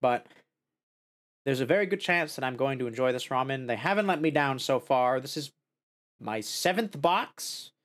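Streaming a laid-back snack tasting, this man gets excitable, leaping into high squeals of delight and dismay before murmuring as he savors each bite. He talks a little fast.

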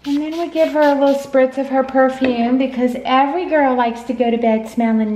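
A woman's voice: high-pitched, fairly even intonation, brisk, few pauses, dark tone, a little hiss or hum. A woman chatting casually at home as a pet vlogger, filling her talk with "you know.". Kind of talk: casual chat. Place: home at night. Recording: echoey room.

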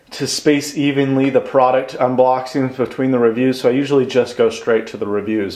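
Excited young man unboxing a gadget. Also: mid-range voice. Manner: excited, chatty, rambling with self-corrections. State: out of breath. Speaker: tech YouTuber. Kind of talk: casual unboxing vlog.

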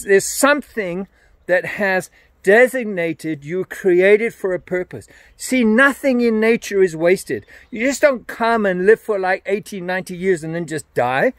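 A man's voice: sits high, no echo. An older man giving an earnest, emphatic evangelistic message to camera, often repeating his phrases.

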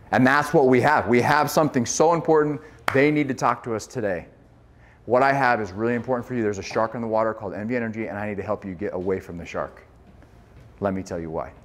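A man giving a sales training talk to a group, energetic and acting out lines he would say at the door. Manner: energetic, acts out door pitches and yelling.

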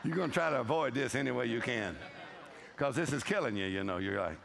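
A man's voice: mid-range voice, animated, a little fast, vocal fry, crowd noise. A male pastor, preaching a humorous sermon and telling stories with playful voices and laughter.

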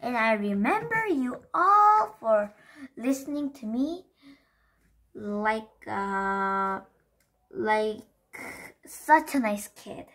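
A woman reading a picture book aloud to children in a gentle, encouraging way. She keeps her words simple and her pace slow. Her voice sits a little high. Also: lively intonation. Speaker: children's story reader.

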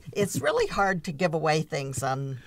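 A woman's voice: low voice, sing-song, a little slow, dry recording. A woman hosting a podcast interview, affirming her guests as she asks them questions. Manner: warm and encouraging, affirming the guests. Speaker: podcast host. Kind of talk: interview conversation.

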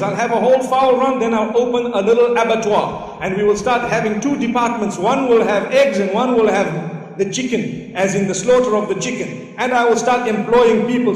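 A man voicing a daydreaming young man who eagerly plans his way to riches, step by step. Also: extremely high pitch. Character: daydreaming young man scheming to get rich. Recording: echoey hall.

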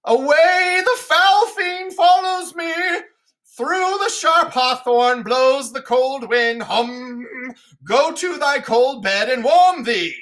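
A woman's voice: high voice, takes it slowly, a bit bright, voice pushed up. A woman voicing a young man who feigns being a raving mad beggar, wild and chanting.

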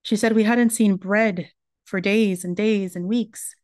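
Woman, religious lecturer, earnest storytelling, medium pitch, dry close sound. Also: fairly even intonation, measured pace, a little mellow, dry recording. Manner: earnest storytelling, retelling a survivor's words.

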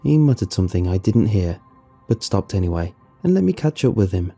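Dark husky male horror narrator. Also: sits low, big pitch swings, a little fast, soft background music. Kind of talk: scripted horror story narration.

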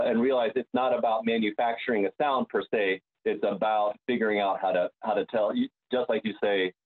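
Opera bass on a tinny call. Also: male voice. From United States. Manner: searching, restarts sentences, many fillers. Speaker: opera bass singer, guest. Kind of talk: reflective interview conversation. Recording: tinny phone-like line.

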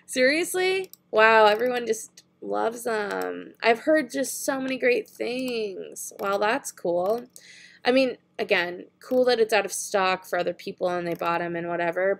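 A young woman vlogger talks her way through an online makeup browse, chatty and giggly, musing out loud. Her mid-height voice carries a lot of gravelly vocal fry. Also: mid-range voice, measured pace. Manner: chatty, giggly, thinking aloud. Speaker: beauty vlogger. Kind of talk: casual online shopping chat.

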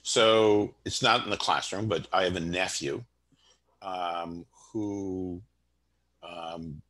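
A man hosting a live online discussion, talking in a halting, conversational way. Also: sits low, steady tone, a bit bright. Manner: conversational, halting, thinks aloud. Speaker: host, moderator.

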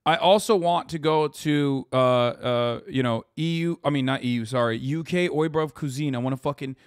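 A man's voice: a little high, normal speed, clear, resonant tone, dry recording, clean studio sound. A man hosting a livestream, reacting casually with profane, sarcastic, rambling talk full of restarts. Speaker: livestream host. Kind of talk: casual stream reaction commentary.

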